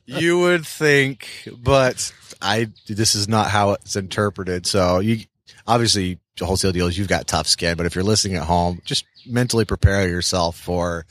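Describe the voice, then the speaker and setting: Male guest, very low voice, casual advice-giving, dry close sound. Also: no echo. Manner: advice-giving, slips into quick mimicked voices. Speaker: podcast guest, real estate wholesaler. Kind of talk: casual interview chat.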